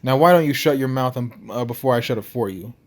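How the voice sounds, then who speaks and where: A man voicing a massive, menacing male lighthouse keeper in an attempted Russian accent, reading lines from a story game in a gruff, clipped, threatening way. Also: mid-range voice, fast, a little mellow, lightly acted.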